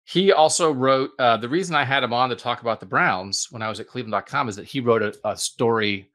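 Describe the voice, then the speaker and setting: A middle-aged man hosts a casual podcast chat. He tells stories with lively energy and jumps up and down in pitch when he quotes people. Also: fast talker. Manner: animated storyteller, acts out quotes with big pitch swings. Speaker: podcast host.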